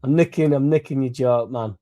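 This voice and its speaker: A young man rambles through a loose, sweary live chat about football, a little drunk and laughing as he goes. His voice sits warm and mellow at a middle pitch, and he trails in and out of focus. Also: fairly quick. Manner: rambling, sweary and laddish, laughing between lines. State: a bit drunk. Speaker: fan channel host. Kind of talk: casual livestream chat.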